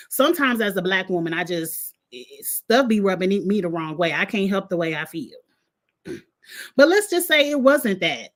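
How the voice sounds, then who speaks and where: A woman, hosting a casual reaction vlog in a blunt, heated, profane and animated way. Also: medium pitch. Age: adult with a son in college. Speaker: vlog host reacting to a reality show.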